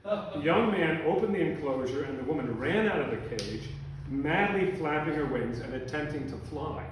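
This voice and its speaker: A man reading a humorous account to a live audience in a dry, deadpan way. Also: on the high side, normal speed, background noise. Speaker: storyteller. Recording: echoey room from a distance.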